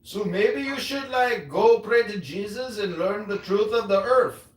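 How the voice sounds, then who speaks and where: A man's voice: sits high, unhurried. A man voicing a boastful, crude prank-call maharaja persona with a put-on Indian accent, trading taunting insults. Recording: roomy, distant sound.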